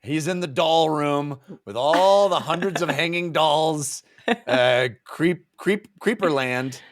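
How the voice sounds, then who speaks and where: A man's voice: fairly high pitch, slow pace. A man co-hosting a book-club podcast, chatting casually, laughing often and slipping into goofy character voices. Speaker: podcast co-host.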